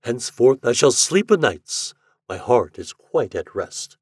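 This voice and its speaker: A man's voice: mid-range voice, big pitch swings, measured pace, slightly rough, no room sound, studio quality. A man voicing a theatrical, courtly male ghost who returns to his forgotten love. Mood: jaunty. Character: wry, jaunty male ghost of a dead lover.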